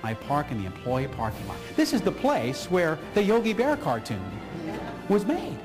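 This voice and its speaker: A man's voice: fairly high pitch, moderate pace, over music. A man who is a motivational speaker and radio host, telling a story with enthusiasm and voicing the people in it. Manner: animated, enthusiastic, voices the people in his stories.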